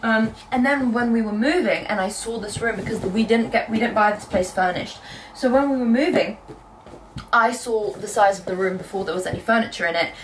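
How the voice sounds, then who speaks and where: A young woman from Britain chatting casually in a book vlog from her bedroom, telling stories in a lively, animated way. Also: fairly high pitch, far from the mic, slight background noise, poor audio. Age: young adult. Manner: chatty, quick and animated storytelling. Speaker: book vlogger. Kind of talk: casual chat.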